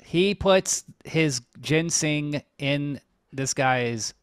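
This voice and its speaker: A man's voice: a little high, very slow, clean tone, dry recording, clean studio sound. A young man co-hosting a podcast, bluntly recapping a movie plot in casual, profane chat. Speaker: podcast co-host.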